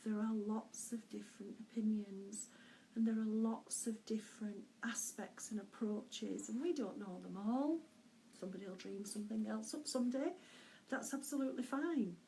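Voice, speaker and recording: A middle-aged woman, a spiritual medium, giving an unhurried, gentle weekly message with soft laughs and hesitant pauses. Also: medium pitch, slight background noise, low-quality recording.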